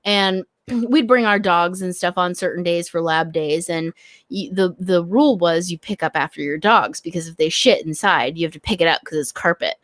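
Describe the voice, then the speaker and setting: A woman's voice: fairly low pitch, normal speed, a bit bright, dry recording. A woman guest on a podcast, talking casually with frequent swearing and self-mocking asides. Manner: laughing, profane, self-deprecating. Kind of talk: casual chat.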